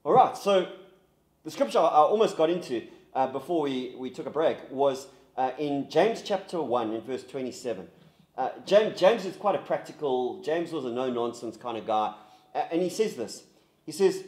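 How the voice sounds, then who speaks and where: A man, a pastor leading a group discussion in an earnest, halting way with many restarts. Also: medium pitch, animated, a little mellow, roomy sound. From South Africa. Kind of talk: recorded group discussion guide.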